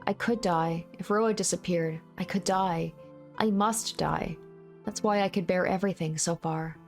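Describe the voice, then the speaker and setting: A woman voicing a tearful, guilt-ridden young woman, reading a visual novel aloud in a higher, pleading voice. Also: a little slow, soft background music. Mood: despairing. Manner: higher, sobbing, pleading delivery.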